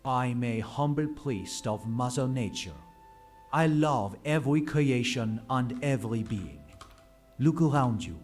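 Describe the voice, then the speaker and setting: A man's voice: mid-range voice, lively intonation, unhurried, faint music behind, close to an everyday voice. Man voicing Jardet, a serene French-accented priest. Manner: serene, welcoming, softly devout. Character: gentle male nature priest. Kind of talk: game character dialogue.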